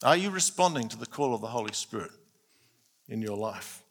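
A man's voice: lowish voice, expressive, fairly quick, gravelly, a bit bright, a little hiss or hum. A man preaching a sermon, earnest and emphatic, stressing key points. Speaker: pastor.

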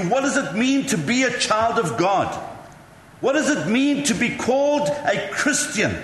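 A male pastor with a notably high voice delivers a sermon in a chatty, self-mocking storytelling way. His words ring out through a large, echoey hall, with a long reverb tail and a faint hum of room ambience behind him. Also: a bit bright.

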